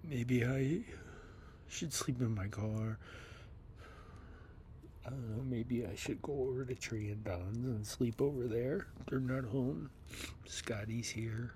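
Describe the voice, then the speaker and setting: Gravelly hushed man in his fifties. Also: mid-range voice, slight background noise. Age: 50s. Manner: slow, rambling and upset, often dropping to a whisper. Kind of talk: rambling voice message. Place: basement of a house.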